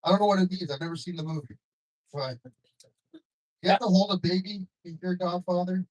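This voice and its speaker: A young adult man performing a stand-up comedy set on a club stage, delivering deadpan jokes and chuckling often. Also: sits high, a little fast, rough recording.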